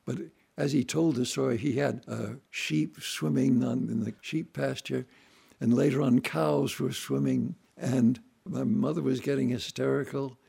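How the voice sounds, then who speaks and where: Give me a man with a husky, gravelly voice, telling folksy anecdotes. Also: mid-range voice, fairly even intonation, measured pace, mellow. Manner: folksy, acts out voices and sounds. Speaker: musician telling family stories. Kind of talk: relaxed anecdotal storytelling.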